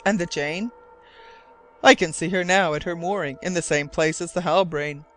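A man's voice: fairly high pitch, normal speed, a bit bright, soft background music, close to an everyday voice. A man voicing a vain, chatty older male island governor who was once a corporal. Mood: reminiscing. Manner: chatty, boastful, eager to reminisce.

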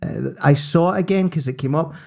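A man's voice: a little high, a little fast, vocal fry. Chatty, laughing Scottish man. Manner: animated, laughs often, chatty storytelling. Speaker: podcast co-host. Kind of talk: casual sports chat.

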